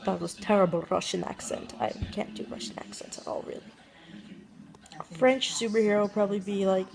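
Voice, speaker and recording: A woman vlogger talks in a loose, rambling way, cracking jokes and trailing off mid-thought. Her voice sits at an ordinary middle pitch. Music plays clearly behind her. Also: fairly quick, low-quality recording. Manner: rambling, jokey, trails off and muses aloud. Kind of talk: casual monologue.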